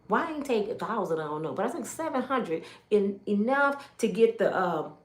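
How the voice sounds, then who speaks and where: Emphatic middle-aged woman, echoey room. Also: medium pitch. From Michigan. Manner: emphatic, storytelling with quoted dialogue. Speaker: testimony speaker. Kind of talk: emotional personal testimony.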